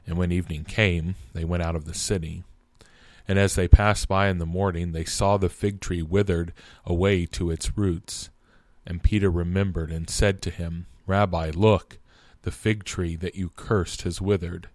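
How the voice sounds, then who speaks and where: Male scripture reader, very low voice, dry close sound, measured and steady delivery. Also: no room sound. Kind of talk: scripted narration.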